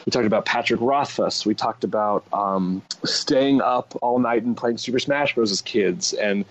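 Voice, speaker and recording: A young man telling a story as a guest, excitable and chatty with many fillers. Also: on the low side, normal speed. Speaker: guest, gaming show host. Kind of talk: casual storytelling. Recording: dull lo-fi audio.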